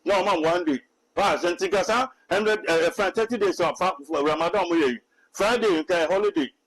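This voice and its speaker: A self-styled Ghanaian prophet with a high, fairly bright voice gives animated commentary in Twi mixed with English. He sounds preachy and repetitive, halting with hesitant restarts, on a low-quality recording.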